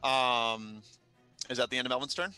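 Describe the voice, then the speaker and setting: A man steering a live-streamed tabletop game as its game master, laying out each scene in steady, descriptive narration. His voice is bright and forceful, with a smooth, resonant clarity. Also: mid-range voice, normal speed, faint music behind.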